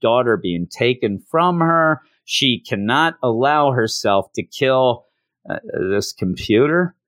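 A man's voice: mid-range voice, lively intonation, slow, fairly bright tone, dry recording, clean studio sound. A man hosting a solo comics review podcast, talking in a sarcastic, rambling, jokey way.

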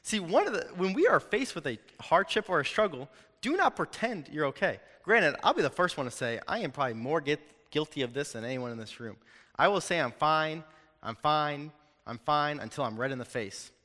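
A young man giving a sermon in a casual, animated way, joking with his listeners. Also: fairly high pitch, fairly quick. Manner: animated, conversational, jokes with the audience. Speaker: preacher. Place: hall with an audience. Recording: long hall reverb.

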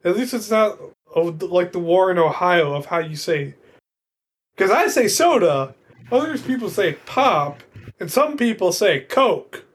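A man's voice: sits high, expressive, unhurried, slightly rough. A man chatting casually as a player, making jokes. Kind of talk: casual podcast chat.

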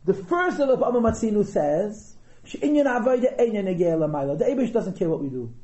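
A man teaching a Chassidus class to regulars, lively and thinking aloud as he explains, stressing key words. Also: sits high, brisk, muffled recording. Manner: thinks aloud, hedges and restarts often. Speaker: Torah teacher. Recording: echoey room.

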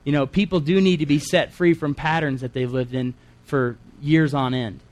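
An earnest man delivering a sermon, his voice sitting a little higher than most men's. He reads a long scripture passage aloud and stops now and then to comment on it in plain, conversational words. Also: fairly even intonation, normal speed, a little mellow. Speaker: preacher.

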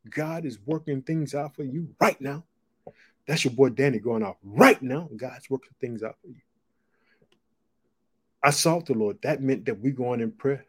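A man preaching an informal devotional Bible teaching, repeating his catchphrases, swinging between loud declarations and hushed asides, and slowing down to read scripture. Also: medium pitch, husky.

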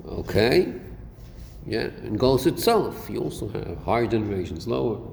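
Speaking with a lowish, creaky, slightly mellow voice, this man has a sing-song lilt and a moderate pace. He's a Torah teacher lecturing a class on a Chassidic text, asking rhetorical questions and weaving Hebrew terms into English. The hall recording echoes and carries faint noise.

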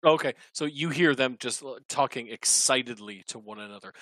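A man's voice: mid-range voice, a little fast, few pauses, fairly bright tone, no echo. A man running a tabletop game as game master, narrating scenes and calling for rolls, often trailing off and restarting.

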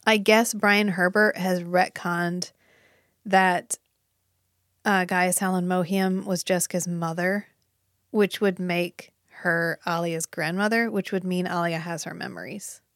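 A woman co-hosting a casual chat podcast, opinionated and animated, swearing now and then as she talks. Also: on the low side, measured pace, no room sound, clean studio sound. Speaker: podcast co-host.

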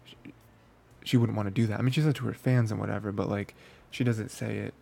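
Guy rambling about anime, low-ish gravelly voice, lots of "you know" and restarts. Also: fairly even intonation, fast talker, warm tone. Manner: rambling, filler-heavy, frequent restarts. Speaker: anime review host. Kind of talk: casual spoken review.

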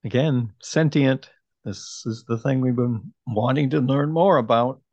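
A man's voice: medium pitch, unhurried, darkish tone, dry recording, highs cut off. A man co-hosting a podcast, reflecting thoughtfully and analytically in casual discussion. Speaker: podcast co-host.

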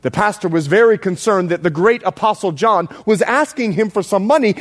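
A Bahamian-born male pastor preaching a sermon, telling stories and dropping from loud exclamations to low hushed lines. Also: animated, brisk, few pauses.

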